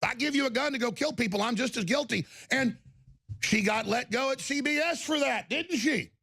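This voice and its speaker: A man hosting a talk show, delivering an angry, insulting rant that breaks into shouting. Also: extremely high pitch, fairly quick, vocal fry, breathy edge, no echo. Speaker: talk radio host. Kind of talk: ranting talk show monologue.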